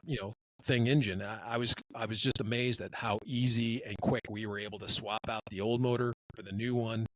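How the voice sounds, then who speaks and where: A man co-hosting a podcast, telling a long story in a rambling, animated way. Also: fairly low pitch, brisk, few pauses, no room sound, low-quality recording. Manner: rambling, animated, acts out quotes. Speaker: podcast co-host. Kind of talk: casual storytelling.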